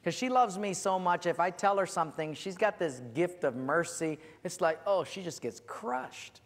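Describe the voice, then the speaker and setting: A man preaching a sermon as a pastor, telling stories with lively acted-out voices and sudden shouts. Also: high voice, moderate pace, in a large hall. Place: church.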